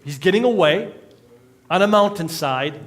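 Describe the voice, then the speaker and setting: A man's voice: high voice, expressive, moderate pace. A male pastor, preaching a conversational sermon with jokes and acted-out quotes in a church. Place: church sanctuary.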